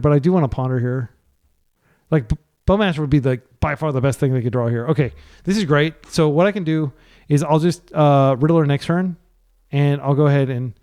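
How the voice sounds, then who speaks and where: A man's voice: a little high, a little mellow. A man from the United States giving live, chatty commentary on his card game, thinking aloud and correcting himself as he plays. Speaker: gameplay commentator.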